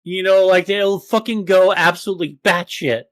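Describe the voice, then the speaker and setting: Brief: male podcast co-host, high-pitched, profane ranting, dry close mic. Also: moderate pace, a bit bright, no room sound. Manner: profane, ranting, mocks others in exaggerated voices. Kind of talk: casual podcast chat.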